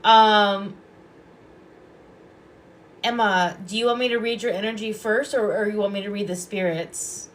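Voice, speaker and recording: A woman's voice: medium pitch, fairly even intonation, a little slow, pauses often. A woman hosting a casual livestream as a Reiki and hypnosis practitioner, chatty, affectionate and rambling.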